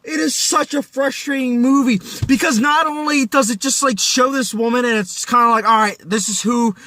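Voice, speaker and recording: A man's voice: extremely high pitch, moderate pace, sharp tone, no echo. A man reviewing a film in a casual video, ranting in exasperation, losing his voice and talking straight to his viewers. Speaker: movie reviewer.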